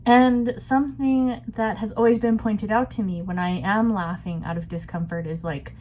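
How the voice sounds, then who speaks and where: A woman's voice: medium pitch, fairly even intonation, normal speed, few pauses, a little mellow. A woman vlogging about a book she is reading, in a chatty, reflective way. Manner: chatty and reflective, laughs often. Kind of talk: casual book discussion.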